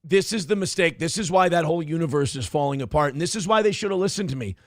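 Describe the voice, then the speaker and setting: A man's voice: fairly high pitch, quick pace, no echo, studio quality. A man hosting a livestream show, reading chat messages aloud and ranting bluntly with lots of profanity. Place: home studio.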